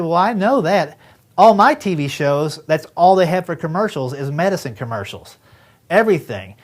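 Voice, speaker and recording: Folksy man in his fifties doing stand-up. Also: on the high side. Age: 50s. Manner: folksy storytelling, acts out dialogue with friends and doctor. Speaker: stand-up comedian. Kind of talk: stand-up comedy routine.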